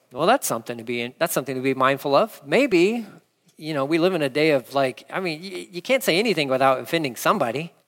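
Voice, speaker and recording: A male pastor preaching a conversational, animated sermon with casual asides. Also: fairly high pitch, fast talker. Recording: long hall reverb.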